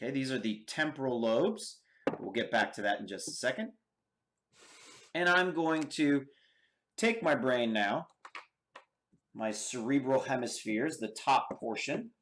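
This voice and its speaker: A man's voice: medium pitch, animated, background noise. An American man teaching an anatomy lab, explaining step by step and checking in with his students often. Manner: slow and deliberate, checks in with okay and all right. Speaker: anatomy instructor. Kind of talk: lab demonstration lecture.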